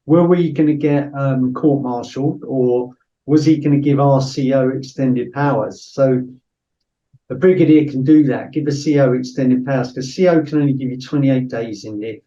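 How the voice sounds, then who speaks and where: A man's voice: mid-range voice, steady tone, normal speed, mellow, dull audio. A middle-aged man, a former soldier, telling a story casually on a podcast with lots of fillers and acted-out quotes. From Britain. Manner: anecdotal, acts out quoted voices, frequent fillers.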